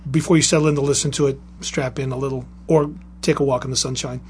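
A man telling a lively anecdote with restarts, then reading a story aloud as a guest author. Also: medium pitch, fast talker, slight background noise.

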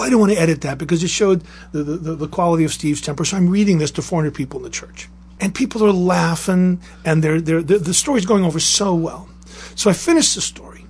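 A man telling a lively anecdote with restarts, then reading a story aloud as a guest author. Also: fairly high pitch, slightly rough.

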